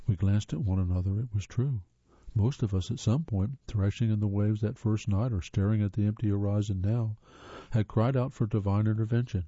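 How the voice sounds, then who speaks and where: A man reading audiobook narration in a steady, measured way. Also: fairly low pitch, breathy edge, no echo. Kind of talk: scripted narration. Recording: dull dry lo-fi audiobook.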